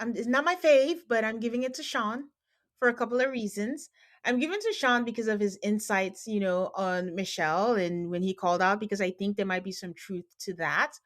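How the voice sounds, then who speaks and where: A woman hosting a podcast, casually recapping a reality show and acting out what people said. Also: mid-range voice. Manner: quotes people in animated retellings. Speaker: podcast host.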